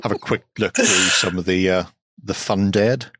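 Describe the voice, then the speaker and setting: A man with a very deep, husky voice, recorded close and dry. He speaks in a low-key way and slips in understated quips. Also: moderate pace, a bit bright, dry recording. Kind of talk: casual group chat.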